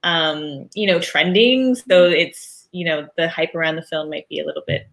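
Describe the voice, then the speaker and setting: A woman's voice: low-pitched, moderate pace, vocal fry. A woman from Canada co-hosting an interview, chatty and hesitant, with lots of you-knows. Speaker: co-host. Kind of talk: casual interview chat.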